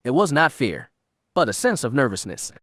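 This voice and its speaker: A man narrating an audiobook in a steady, measured reading. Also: medium pitch, no echo, studio quality.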